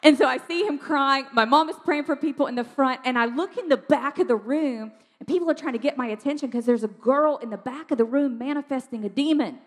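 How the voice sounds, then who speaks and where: A woman telling a lively testimony story in a chatty way, with lots of fillers and laughter. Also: high-pitched, a little fast, hardly any pauses, long reverb tail. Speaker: ministry speaker sharing testimony.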